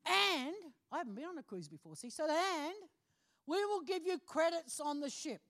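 High-voiced woman telling a lively testimony. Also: normal speed. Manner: animated storytelling, acting out phone calls, laughing often. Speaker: preacher. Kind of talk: testimony from the pulpit.

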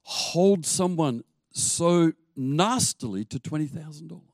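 A man preaching a sermon as pastor. He tells stories in an animated way and laughs now and then. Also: on the high side, measured pace, gravelly, dry recording.

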